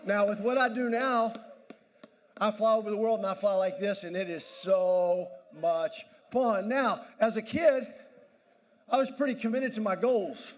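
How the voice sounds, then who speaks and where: A man's voice: high-pitched, fairly even intonation, measured pace, slight background noise. A man giving a motivational speech at a banquet, commanding and pumping up the audience. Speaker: motivational speaker. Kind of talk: energetic crowd-directed speech. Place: banquet hall.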